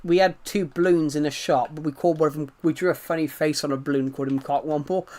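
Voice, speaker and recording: A man's voice: on the high side, steady tone, fast, hardly any pauses, darkish tone. A young man chatting casually on a late-night game live stream, rambling and restarting his sentences. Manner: rambling, restarts, chuckling asides.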